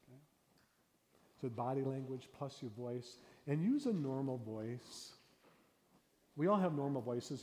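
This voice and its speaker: A pastor teaching a storytelling workshop, animated, swinging between loud bursts and hushed talk. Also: male voice, medium pitch, unhurried, long pauses. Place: church hall. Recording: reverberant hall with faint room noise.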